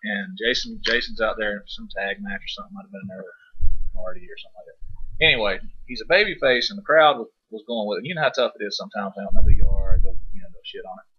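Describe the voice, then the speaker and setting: A man's voice: medium pitch, sing-song, fast, pushed and bright, husky. A man co-hosting a podcast, telling long rambling stories in casual chat, swearing now and then. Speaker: podcast co-host. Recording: dull lo-fi sound.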